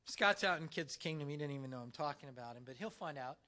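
A man preaching a sermon in a church, animated and emphatic, using dramatic pauses. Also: a little high. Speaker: pastor.

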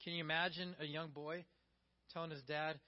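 A man preaching a sermon in an animated way, acting out quoted voices and swinging between soft and loud delivery. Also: on the high side, fairly quick, highs cut off.

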